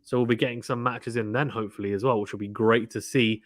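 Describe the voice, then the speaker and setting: A man's voice: medium pitch, steady tone, fast talker, dry recording, studio quality. A man hosting a casual live tennis watchalong, chatting with viewers and often repeating himself. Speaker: live stream commentator. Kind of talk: casual play-by-play watchalong chat.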